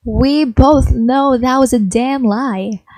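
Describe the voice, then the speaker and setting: A woman's voice: high voice, slow, darkish tone, no echo. A woman doing a smug, panicking male celebrity. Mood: contemptuous. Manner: indignant, defensive.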